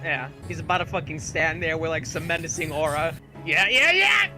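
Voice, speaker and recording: A young man reacting to a video game with loud, excitable outbursts and a lot of swearing. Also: a little high, fairly quick, over music.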